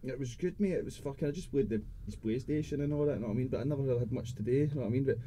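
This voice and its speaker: A man's voice: mid-range voice, racing, background noise. A young man in his twenties, a podcast guest telling a rambling, sweary story and tagging his lines with "mate". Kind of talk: casual storytelling chat.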